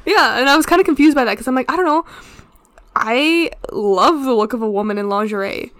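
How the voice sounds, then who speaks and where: A woman's voice: high-pitched, animated, brisk, fairly bright tone. A woman co-hosting a casual podcast chat, frank and chatty, laughing often and cursing. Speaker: podcast co-host.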